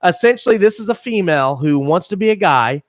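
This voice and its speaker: A man's voice: high-pitched, fairly quick, no room sound. A man in his thirties co-hosting a podcast, telling crude stories with lots of swearing and laughter. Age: 30s. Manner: profane, laughing, animated storytelling. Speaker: podcast co-host. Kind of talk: crude casual banter.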